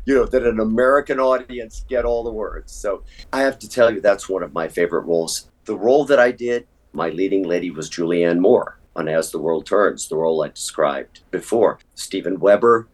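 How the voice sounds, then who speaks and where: An older man, an actor, telling stories in an interview with animated, emphatic delivery and a husky voice. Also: low-pitched, moderate pace, hardly any pauses. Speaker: stage and soap actor, guest. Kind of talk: conversational interview storytelling.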